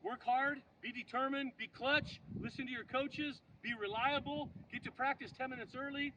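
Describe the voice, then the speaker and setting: A man in his forties, a former pro ballplayer, giving an animated motivational talk to a youth team, asking them questions as he tells stories. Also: extremely high pitch, normal speed. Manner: animated storyteller, asks the kids questions, shouts quoted chants. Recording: distant outdoor recording with background noise.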